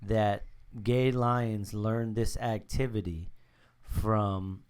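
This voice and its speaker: A man co-hosting a podcast in casual chat, telling stories in a halting way with repeated words and fillers. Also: on the low side, fairly even intonation, a little mellow, smooth. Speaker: podcast co-host.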